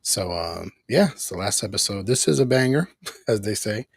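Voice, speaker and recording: A man hosting a relaxed review stream, recapping the episode and laughing as he goes. His voice sits a bit low with a husky edge. The sound is dry and close, with no room around it. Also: moderate pace, dry recording. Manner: easygoing, laughs often, acts out characters' lines. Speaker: host reviewing a cartoon episode. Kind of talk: casual recap chat on a live stream.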